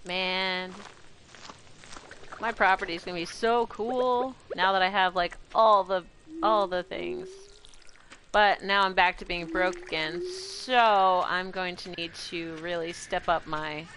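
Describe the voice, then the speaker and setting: A woman with a bright, forceful voice chats her way through a relaxed gameplay stream, answering her chat and cooing at baby animals. She speaks at an unhurried pace, with a faint noise under her voice. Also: fairly low pitch. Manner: chatty, gushing over baby animals, talks to chat and her pets. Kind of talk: casual gameplay commentary.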